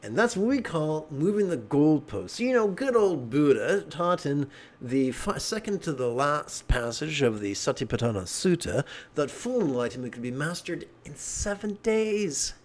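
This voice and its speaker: A man teaching meditation in an animated dharma talk, with joking asides. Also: fairly high pitch, moderate pace.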